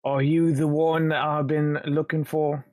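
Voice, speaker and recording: A man's voice: on the high side, flat delivery, measured pace, darkish tone, no echo, natural voice. A man voicing a dogged investigator in a British gangster manner with a Cockney accent. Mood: probing. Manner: blunt, probing questions.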